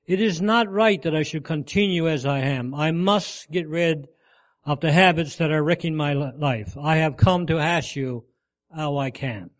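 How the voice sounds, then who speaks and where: A man's voice: on the high side, normal speed, close to an everyday voice. A man voicing an earnest young man in a sermon story. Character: earnest tall young man seeking change.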